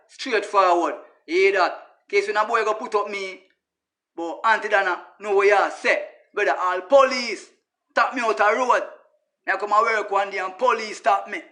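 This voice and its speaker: Bright, high-voiced Jamaican man ranting. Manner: emphatic, repetitive, addresses listeners as brother. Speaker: social media personality. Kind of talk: casual ranting monologue.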